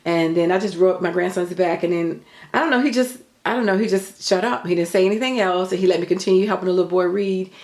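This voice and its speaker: Quick-talking older woman, gravelly voice. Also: on the low side, steady tone, a little mellow, echoey room. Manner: earnest, faith-filled, chatty with fillers. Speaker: vlogger. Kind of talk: casual storytelling.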